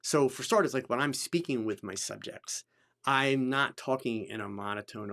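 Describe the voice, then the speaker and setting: Emphatic man hosting a live chat. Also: gravelly. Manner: emphatic, repeats key phrases for stress; pitch swings widely between low, slow stretches and high, bright bursts. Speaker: photography podcast host. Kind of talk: live-streamed teaching chat.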